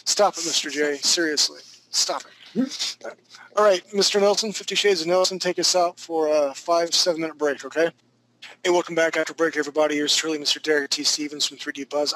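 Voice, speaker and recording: A man's voice: fairly high pitch, sharp tone, poor audio. A man teaching a live online drawing class from home, talking loosely and jokingly as he thinks aloud while he draws. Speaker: drawing instructor. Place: home studio.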